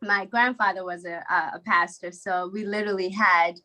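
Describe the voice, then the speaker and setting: Young woman from South Africa as a guest, bright forward tone, relaxed and chatty. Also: medium pitch, normal speed, rough recording. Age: young adult. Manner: chatty, with fillers and laughs. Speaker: podcast guest. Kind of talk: casual interview.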